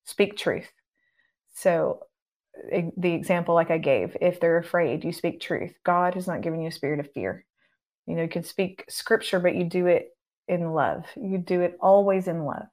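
Guest minister, woman, middle-aged; lowish voice, calm and earnest, instructive interview talk. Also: normal speed. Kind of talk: conversational teaching interview.

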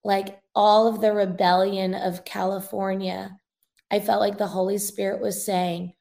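A woman's voice: medium pitch, flat delivery, unhurried, creaky, dark tone. A young woman, a revivalist minister, giving an earnest, emotional testimony as a guest in a casual interview. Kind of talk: conversational testimony in a podcast interview.

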